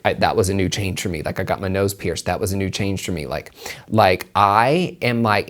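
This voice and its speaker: Emphatic, profane man hosting a solo podcast. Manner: emphatic, profane, calls listener honey; repeats points for emphasis with pitch swings. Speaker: podcast host and tarot reader.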